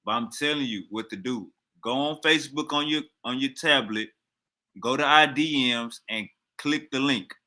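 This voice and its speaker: A man's voice: medium pitch, normal speed, pushed and bright. A man hosting a livestream debate, casually directing guests and checking whether they are connected. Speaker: debate host.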